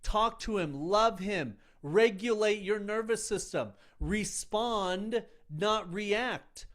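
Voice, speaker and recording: A man's voice: high-pitched, takes it slowly, fairly bright tone. Earnest man giving a self-help talk. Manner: earnest, emphatic, speaks in short punchy phrases. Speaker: men's coach.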